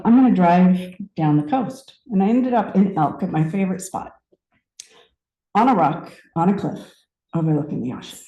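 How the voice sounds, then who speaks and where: A woman in her fifties giving a personal story sermon, conversational and reflective, with pauses and restarts. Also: medium pitch, warm tone, echoey room, rough recording. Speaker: speaker at a spiritual center.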